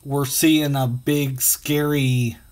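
A man teaching a phonics and punctuation lesson to children, sounding out letters slowly and patiently. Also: medium pitch, flat delivery, a little mellow.

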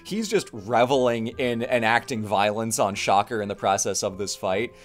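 A young man co-hosting a casual talk, recapping cartoon episodes with lively storytelling and acted-out quotes. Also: lowish voice, normal speed, soft background music. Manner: animated storytelling, acts out quotes. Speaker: co-host.

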